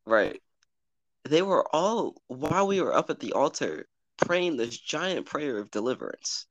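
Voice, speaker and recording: A young man co-hosting a podcast, talking in relaxed casual chat and sometimes searching for words. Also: on the high side, unhurried, slight background noise, low-quality recording. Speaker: podcast co-host.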